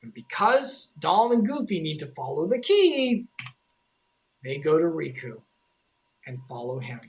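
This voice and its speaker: A woman recapping game lore on a casual stream, animated and joking, with sarcastic asides. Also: sits low, measured pace, highs cut off.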